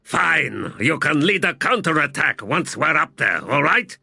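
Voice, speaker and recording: A man voicing a gruff, weary male warlord who curses and answers sardonically, in an audiobook. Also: a little high, very animated, measured pace, bright, forceful tone, dry recording, faint music behind, pitched above the performer's own voice, heavily acted.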